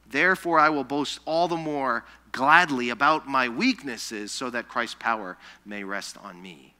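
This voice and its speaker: A man preaching a sermon, telling scripture stories in an animated way, acting out the people he quotes, and dropping soft and slow when he reads the verses. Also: medium pitch. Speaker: pastor. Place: church sanctuary.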